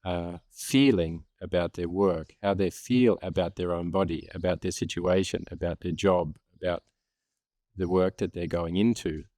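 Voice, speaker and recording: A man's voice: sits low, steady tone, moderate pace, warm tone, no room sound, studio quality. A man with an Australian accent, a horse trainer chatting casually in an easygoing way. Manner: easygoing, laughs often. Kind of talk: casual conversation.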